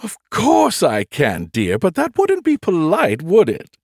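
A man voicing a polite, motherly female ship AI who gently teases and calls people dear. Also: high voice, wildly swooping pitch, a little slow, gravelly, husky, no echo, clean studio sound, voice pushed up, full character voice. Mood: prim and polite.

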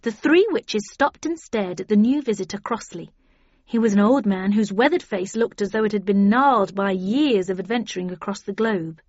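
A woman's voice: mid-range voice, normal speed, a little mellow, no room sound, highs cut off. A woman reading a first-person story aloud, in a dry, wry manner. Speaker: audiobook narrator. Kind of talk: scripted first-person narration.

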